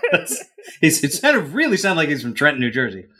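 A man's voice: a little high, wildly swooping pitch, moderate pace, bright, forceful tone. A man co-hosting a casual podcast, talking chattily with lots of "like" and "uh". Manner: chatty, peppered with "like" and "uh". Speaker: podcast co-host. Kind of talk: casual chat among improvisers.

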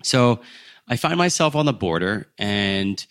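A man in his thirties from the United States tells stories as a podcast guest, his voice sitting on the low side. He is animated and laughs at his own tales. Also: a little slow, smooth, dry recording, studio quality. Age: 30s. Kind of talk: casual storytelling.

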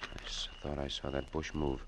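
A man's voice: extremely low pitch, flat delivery, normal speed, heavy background noise. A man playing a suave Mexican hero in a 1950s radio drama, speaking with a commanding manner. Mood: urgent whisper. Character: The Cisco Kid, dashing Mexican hero.

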